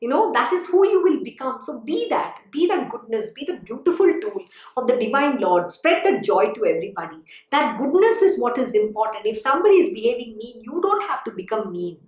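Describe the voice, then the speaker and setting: A woman's voice: fairly high pitch, very animated, brisk. A woman spiritual teacher giving a devotional discourse, earnest and exhorting, often saying "you know". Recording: echoey room.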